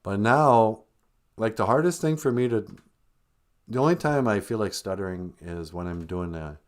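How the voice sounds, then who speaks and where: A man's voice: lowish voice, moderate pace. A man hosting a live-stream podcast in casual chat, joking and laughing often. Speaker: podcast host.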